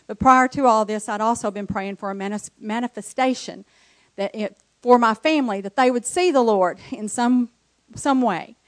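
A woman's voice: fairly high pitch, moderate pace, no room sound. A woman from the congregation telling an emotional personal testimony. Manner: emotional, storytelling. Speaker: church member giving testimony.

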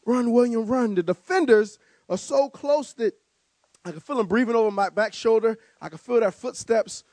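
High-voiced man telling a lively story. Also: moderate pace, dry recording. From New Jersey. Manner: animated, vivid storyteller, stammering repeats. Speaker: guest speaker. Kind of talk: storytelling speech.

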